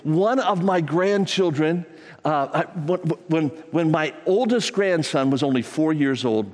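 Older male preacher, fairly high voice, folksy storyteller with repetitions, large hall with long reverb. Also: measured pace. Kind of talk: sermon.

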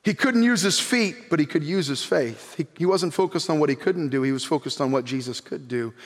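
A man preaching an animated sermon as pastor, reading scripture aloud and acting out the people in it. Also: on the high side, fairly quick. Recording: long hall reverb.

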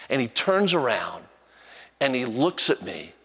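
An older man delivers a sermon as a pastor, moving between hushed, tender prayers and brisk, animated storytelling. His voice sits in an ordinary middle register and carries a long reverb, as if he is preaching from the front of a large hall. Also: breathy edge. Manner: storytelling, animated, voice jumps high when acting out a child.

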